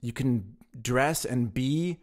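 A man's voice: mid-range voice, slow. A man from the United States, a guest in a casual chat who tells stories and often repeats words when he starts a sentence. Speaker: podcast guest.

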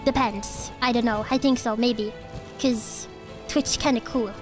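A sick woman streamer, coughing as she games, chats casually with her viewers, giggling and swearing a lot. Her voice sits a little high, with a steady, unhurried tone. Game music plays in the background of this live-stream chat.

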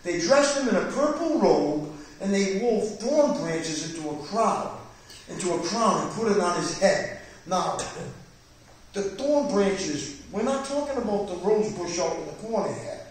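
A male pastor preaches with fervent, rising emphasis, his voice sitting high for a man. He is recorded from a distance in a very echoey church hall. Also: animated, a little slow, a little hiss or hum. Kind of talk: Bible study sermon.

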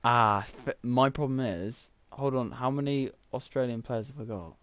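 A man's voice: medium pitch, moderate pace, fairly bright tone, no echo. A young man, rambling through casual gameplay commentary while thinking aloud with lots of fillers. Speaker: gaming YouTuber.

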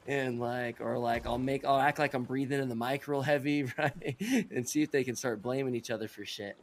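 A man streaming a video game, chatting casually with a teammate in relaxed, profane banter while they plan pranks. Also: mid-range voice, a little fast, hardly any pauses. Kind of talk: casual gaming chat.

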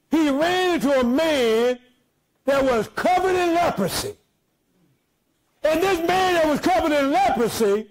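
A man preaching a sermon as pastor, shouting out to his congregation with folksy, joking asides. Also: very high voice, low-quality recording.

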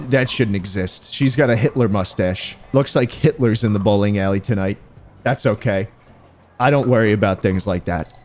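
Excitable young man with a lively voice. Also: mid-range voice. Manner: excitable, yells at the game, crude jokes. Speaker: streamer. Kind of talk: gameplay commentary.

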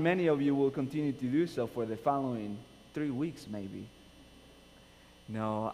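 A man's voice: on the high side, darkish tone. A man with a Nicaraguan Spanish accent, a pastor who welcomes his congregation, prays and opens a sermon in a casual, joking way. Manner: informal, joking, self-deprecating. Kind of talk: friendly church welcome and sermon. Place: church sanctuary. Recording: echoey church hall with faint hum.

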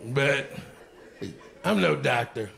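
A man performing crude, animated stand-up comedy on stage, shouting punchlines before a live audience. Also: medium pitch, slow, gravelly, heavy background noise. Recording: live stand-up with crowd laughter.

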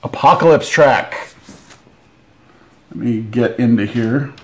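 A man of middle pitch chatters through a board game unboxing, joking as he goes. He gets giddy and keeps up a running commentary in a relaxed, informal tone. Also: slow pace, slight background noise. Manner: excitable, joking asides. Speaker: board game channel host.

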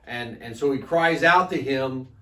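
A man's voice: mid-range voice, a little slow, bright, forceful tone. A man co-leading a church Bible study, reflecting aloud and often starting his thoughts with a repeated "I think". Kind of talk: conversational Bible teaching. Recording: echoey room, distant mic.

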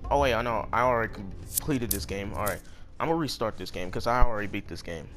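A man's voice: lowish voice, fast, fairly bright tone. A young man casually commenting on his gameplay, rambling and answering the game's characters. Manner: chatty, rambling, talks back to the game. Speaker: gaming channel host. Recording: game music behind. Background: hunting game music and animal sounds.

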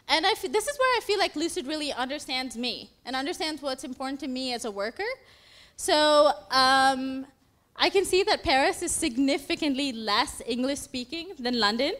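A woman's voice: high voice, lively intonation, normal speed, a bit bright. A young woman presenting her coding project at a demo day, walking through an app with an upbeat, conversational manner. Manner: upbeat, narrates a live app demo with filler "uh"s.

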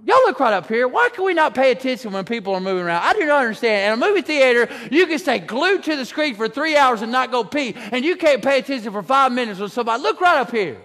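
A man preaching a sermon, animated, shouting some lines and drawing others out slowly. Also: extremely high pitch, big-room sound. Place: church sanctuary.

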